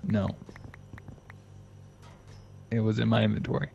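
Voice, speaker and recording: Another let's play co-player keeps the gaming banter casual and easygoing, laughing and um-ing often. His lowish, gravelly, darkish voice is delivered completely flat and a little slowly over a slightly dull lo-fi mic.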